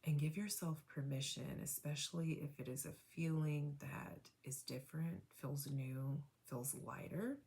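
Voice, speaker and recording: Low, gravelly-voiced woman guiding tapping. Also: steady tone, a little mellow. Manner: slow, soothing, repeats affirmations, often asks "right?". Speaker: tapping meditation guide. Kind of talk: guided tapping meditation.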